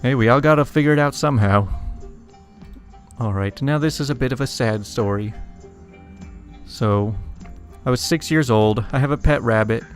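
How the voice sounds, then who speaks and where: A man's voice: mid-range voice, normal speed, long pauses. A man casually reading funny internet stories aloud, chuckling and adding wry asides between them. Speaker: story reader. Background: faint music.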